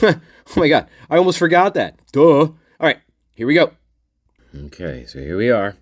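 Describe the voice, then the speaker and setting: A man hosting a channel and commenting casually on documents, rambling, repeating himself and addressing his viewers warmly. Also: medium pitch, huge pitch swings, normal speed, dry recording, clean studio sound. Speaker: channel host.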